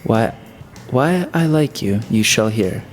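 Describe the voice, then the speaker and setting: A man's voice: lowish voice, lively intonation, slow pace, soft background music. A man voicing a menacing, mocking middle-aged schemer in a storybook reading, familiar and cajoling.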